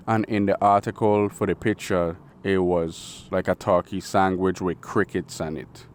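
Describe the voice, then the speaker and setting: Blunt deep-voiced man ranting. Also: darkish tone. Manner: blunt, profane, preachy. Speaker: commentary channel host. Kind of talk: opinionated monologue.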